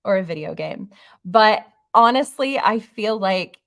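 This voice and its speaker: Excitable rambling woman host. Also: mid-range voice, measured pace, gravelly, no echo, studio quality. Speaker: host of a horror channel. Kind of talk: casual livestream chat.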